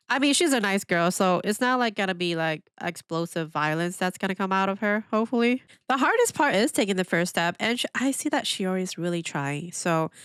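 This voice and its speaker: A woman hosting a reaction video in casual commentary, animated and exclamatory, laughing often and asking lots of questions. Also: mid-range voice, clear, resonant tone, no echo, clean studio sound. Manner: asks rhetorical questions.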